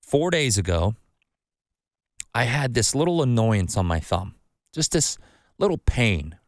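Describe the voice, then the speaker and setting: A man's voice: mid-range voice, very animated, unhurried, no echo, studio quality. A man hosting a casual podcast, telling a rambling story full of profanity and acted-out quotes of himself. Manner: swearing storyteller, acts out his own quotes. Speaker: podcast host.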